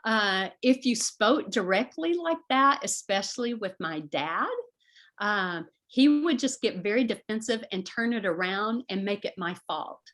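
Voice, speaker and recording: A woman's voice: medium pitch, animated, a little slow, a bit bright. Earnest middle-aged woman giving advice. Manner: earnest, acts out voices in quotes. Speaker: guest. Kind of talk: conversational advice talk.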